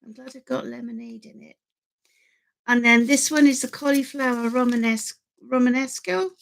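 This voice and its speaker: An older woman hosting a live stream, chatting excitedly with viewers and rambling with many restarts. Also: on the high side, normal speed, creaky. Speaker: channel host.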